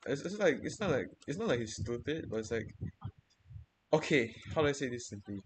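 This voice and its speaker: A man's voice: mid-range voice, very animated, a little fast, breathy edge. A young man venting in casual chat, swearing freely and rambling through many restarts and repeated words.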